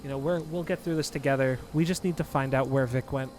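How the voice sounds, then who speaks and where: A man voicing a steady male adventurer who speaks in a calm, reassuring way. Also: medium pitch, fast, faint music behind, natural voice.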